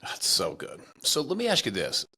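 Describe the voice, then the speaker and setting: A man's voice: mid-range voice, huge pitch swings, normal speed, sharp tone, breathy edge. A man hosting a podcast, talking enthusiastically and turning to address his listeners directly. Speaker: podcast host. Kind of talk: casual interview talk.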